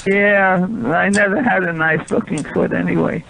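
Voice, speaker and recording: A woman's voice: mid-range voice, fairly even intonation, moderate pace, vocal fry, fairly bright tone. An older woman on a phone call, rambling and hesitant, a bit bewildered. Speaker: prank call target. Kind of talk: phone conversation.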